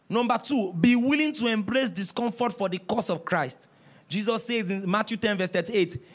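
A male pastor preaching a sermon, telling stories with quoted dialogue and rising to shouts. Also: high-pitched. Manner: storytelling, animated, rising to shouts.

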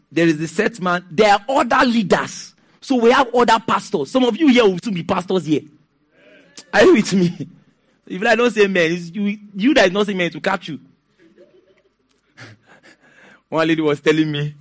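A man with a Nigerian accent preaching a sermon as pastor, telling stories with laughter and asking the congregation to respond. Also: sits high. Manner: animated, storytelling with laughs and call-and-response.

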